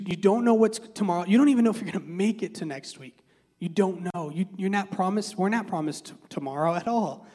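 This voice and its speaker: A man's voice: high voice, darkish tone, long reverb tail. A man giving a casual, conversational sermon, talking through a Bible passage with many fillers and restarts. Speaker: preacher.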